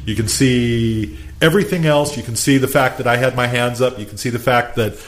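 A man telling a story in casual chat, animated, acting out quotes and laughing often. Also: medium pitch, a little fast.

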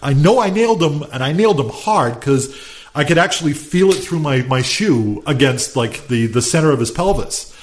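A man telling a story in casual chat, animated, acting out quotes and laughing often. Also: a little high, normal speed.

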